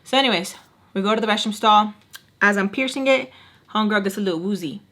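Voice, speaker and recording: A woman vlogger telling a dramatic personal story in a casual, slangy, animated way. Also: medium pitch, fast. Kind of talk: storytime vlog, casual chat.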